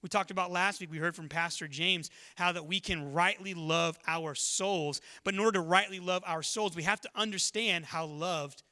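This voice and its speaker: A man from Texas preaches in a high, bright and forceful voice. He tells stories to his church in a lively, conversational way. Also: moderate pace, few pauses. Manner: storytelling, conversational and energetic. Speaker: pastor. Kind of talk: sermon.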